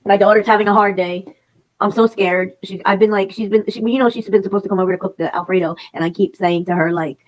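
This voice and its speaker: Rapid, profane woman ranting on a livestream. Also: medium pitch, steady tone, rough recording. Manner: profane, rambling, repeats herself. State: emotional and upset. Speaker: livestream host. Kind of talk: casual ranting livestream chat.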